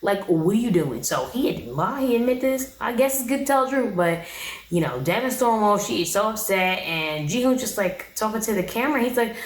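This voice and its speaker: A woman's voice: mid-range voice, animated, brisk, roomy sound, rough recording. A woman giving a casual, blunt, sassy recap of a reality show, talking straight to her viewers.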